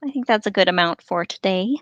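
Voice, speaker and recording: A woman's voice: medium pitch, brisk, dry recording, highs cut off. A young adult woman co-hosting a podcast, answering with short, agreeable remarks in casual chat. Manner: brief, agreeable replies. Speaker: podcast co-host.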